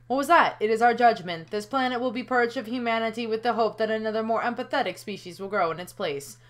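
A woman reads out a composed alien judge who has passed as a human among people, speaking in a measured, formal way. The tone stays solemn and unhurried, like a video game villain delivering a verdict. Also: a little high, close to an everyday voice.

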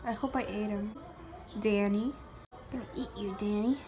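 A young woman giving casual gameplay commentary, excitable, gasping and dropping to whispers while she plays. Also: medium pitch, moderate pace. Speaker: gamer. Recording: faint music behind.

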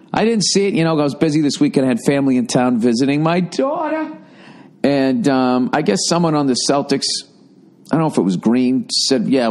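A middle-aged man, hosting a podcast in a casual, profane, exasperated rant that mocks fans in squeaky voices. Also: darkish tone. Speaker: podcast host. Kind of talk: casual ranting monologue.

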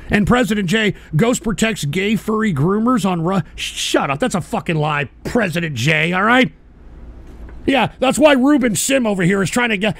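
A middle-aged man hosting a live stream show, reading chat donations with a profane, irritable manner and bursts of shouting. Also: sits high, animated, moderate pace, vocal fry. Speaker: livestream show host.

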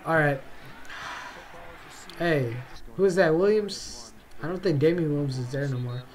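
A young man with a high voice reacts to a football game for his channel, talking in a slow, drawn-out way. He yelps and groans at the plays and tacks "bro" onto almost everything. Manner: excitable, yelps and drawls "bro" constantly. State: tired, yawning. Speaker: reaction video host. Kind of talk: casual game reaction commentary.

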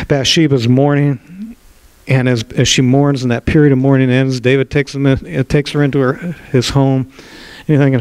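A man's voice: mid-range voice, steady tone, normal speed, a little mellow, clear, resonant tone, no echo, low-quality recording. Male pastor retelling a Bible story. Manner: narrative storytelling with small restarts. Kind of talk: sermon.

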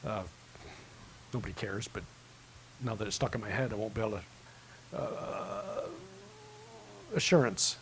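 A man preaching a sermon as pastor, telling a story that swings from hushed to loud. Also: lowish voice, measured pace, pauses often, slight background noise, poor audio.

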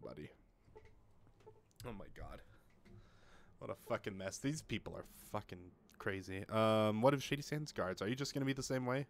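A man's voice: on the low side, lively intonation, brisk. Chatty young man reading game dialogue. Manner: chatty, self-mocking, swears when frustrated. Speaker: let's play gamer. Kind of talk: casual gameplay commentary, reading dialogue aloud. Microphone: home desk mic with pop filter.

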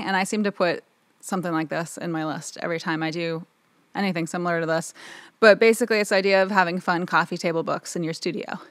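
A woman's voice: fairly low pitch, fairly bright tone, dry recording. A woman talking casually to the camera in her own recording studio, rambling and chatty with lots of filler words. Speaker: audio engineer and video host.

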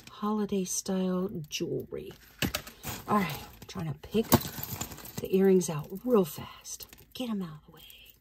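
A woman's voice: medium pitch, slight background noise. A woman reselling jewelry, chatting casually as she unboxes it, thinking aloud and laughing easily. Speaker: reseller vlogger.

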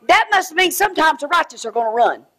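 A middle-aged woman preaching a sermon, swinging between shouted exhortation and quiet asides. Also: sits high, sing-song, fast.

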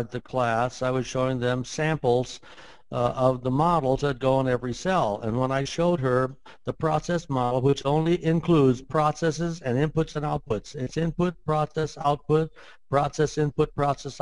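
A man's voice: mid-range voice, no echo, low-quality recording. An older man explaining his ideas in conversation, emphatic and admittedly emotional, repeating points for force. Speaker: interview guest, framework creator.

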